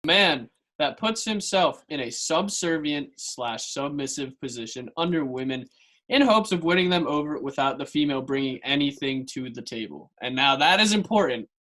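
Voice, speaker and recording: A man's voice: a little high, animated, moderate pace, bright, forceful tone. A young man co-hosting a casual podcast, playful and emphatic, often laughing. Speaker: podcast co-host.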